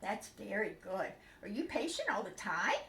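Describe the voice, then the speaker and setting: Older woman, grandmotherly storyteller talking to puppets. Bright, sing-song voice in an echoey room. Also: medium pitch, big pitch swings, moderate pace, slight background noise. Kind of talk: children's bedtime story show.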